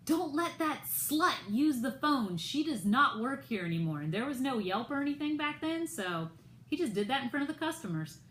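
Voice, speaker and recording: An American woman vlogger with a mid-range voice tells a personal story indignantly, acting out other people's lines in raised voices. The low-quality recording is reverberant with slight background noise.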